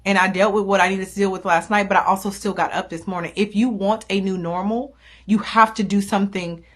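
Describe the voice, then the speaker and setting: A woman's voice: medium pitch, steady tone, brisk. A young woman hosting her podcast, talking candidly and emphatically as she encourages listeners in their faith. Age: young adult. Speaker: podcast host. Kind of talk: faith-based motivational talk. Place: small home recording studio.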